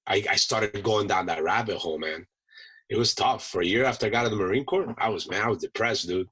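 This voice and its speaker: A man tells war-time stories casually, acting out voices as he goes. His voice is bright with a husky edge. He laughs often between lines. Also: on the low side, fast talker, low-quality recording. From United States. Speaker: podcast guest, Marine veteran chef. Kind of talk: casual storytelling.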